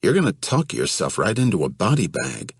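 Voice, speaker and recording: A man voicing a calm, unflappable man who speaks in a level, measured way. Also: sits low, slightly rough, no room sound, clean studio sound, full character voice. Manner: level, measured, matter-of-fact.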